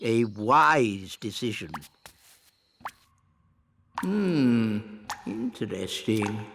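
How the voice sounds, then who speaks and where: An actor voicing a smug, self-important old male elf who talks slowly and lingers over his words. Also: fairly low pitch, big pitch swings, gravelly, noisy background, full character voice. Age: older. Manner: slow, self-important, drawn-out. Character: wise old male elf, smug know-it-all builder.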